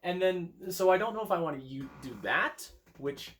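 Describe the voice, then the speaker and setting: This young man has a high-pitched, animated voice with a fairly bright tone, talking at normal speed. An amateur songwriter streaming a guitar session from a room at home, he chats casually while playing, thinking aloud with hesitant restarts, all captured on a phone.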